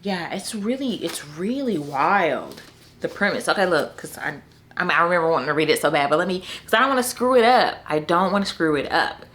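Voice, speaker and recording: Animated young woman chatting about books. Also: fairly low pitch, brisk. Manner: animated, talks to viewers as y'all, laughs often. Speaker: book vlogger. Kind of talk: casual chat to camera.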